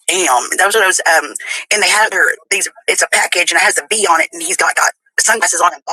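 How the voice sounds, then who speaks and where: A woman with a husky voice tells a rambling personal story in a played clip, laughing as she goes. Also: fairly low pitch, a little fast, pauses often, pushed and bright, no room sound, low-quality recording.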